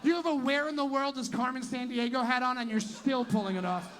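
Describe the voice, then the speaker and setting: Brash, high-voiced stand-up comedian. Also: male voice, brisk, a bit bright. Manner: brash, profane, teasing the crowd. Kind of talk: stand-up crowd work. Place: tent venue with a live audience.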